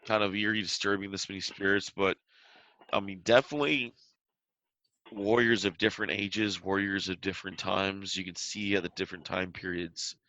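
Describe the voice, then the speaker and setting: A man's voice: low-pitched, fairly even intonation, moderate pace, sharp tone, dull audio. A man narrating a tabletop game as game master, describing scenes in a loose style with restarts.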